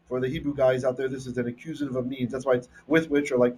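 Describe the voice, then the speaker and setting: Husky rabbi teaching Torah. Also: male voice, medium pitch, level tone, fast, few pauses, a little mellow. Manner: explanatory, checks in with "right?" often; enthusiastic about the text. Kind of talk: Bible lesson, explaining Hebrew text.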